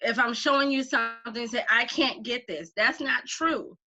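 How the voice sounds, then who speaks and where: A woman's voice: on the high side, moderate pace, vocal fry, lo-fi sound. A woman who teaches a craft class, chatting as an interview guest and telling stories with acted-out quotes. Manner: animated storyteller, acts out quotes. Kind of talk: casual conversation.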